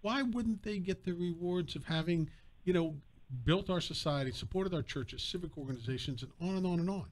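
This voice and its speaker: A man's voice: high-pitched, fairly quick, a little hiss or hum. A man filling in as a radio call-in host, speaking emphatically with rhetorical questions. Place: radio studio.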